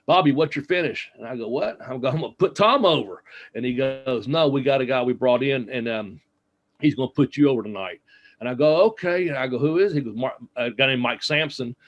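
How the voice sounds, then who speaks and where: A man's voice: mid-range voice, highs cut off. Male interview guest, casual storyteller, mid-range voice, loose and chatty with frequent fillers. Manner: rambling anecdotes with many fillers and quoted dialogue. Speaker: interview guest, former wrestler.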